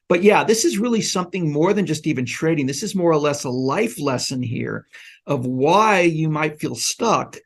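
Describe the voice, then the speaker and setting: A man's voice: fairly high pitch, animated, normal speed. A man talking earnestly as a guest educator in a casual conversation. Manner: earnest, instructive. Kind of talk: casual chat.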